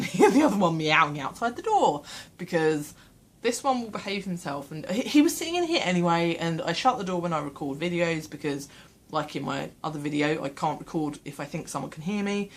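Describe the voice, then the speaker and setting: Husky, low-voiced woman chatting. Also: lively intonation, a little fast. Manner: chatty, rambling, self-deprecating with laughs. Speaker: vlogger. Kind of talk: casual vlog chat. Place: small room at home, door shut.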